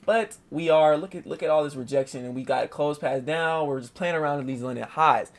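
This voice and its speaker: Gravelly young man, slangy trade recap. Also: fairly quick. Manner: animated, slangy, swearing, keeps saying "boom" and "right". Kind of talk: casual screen-share trade recap.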